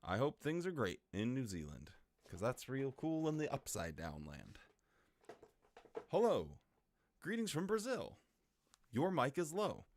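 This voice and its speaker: A man's voice: mid-range voice, sing-song, moderate pace. A man hosting a casual livestream, playfully greeting viewers in chat. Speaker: livestream host. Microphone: desktop microphone.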